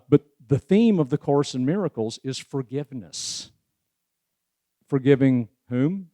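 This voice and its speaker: A man's voice: mid-range voice, dark tone, no echo. A man giving a casual spiritual presentation, talking in a folksy way with wry asides and many "you know"s. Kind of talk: casual spoken lecture.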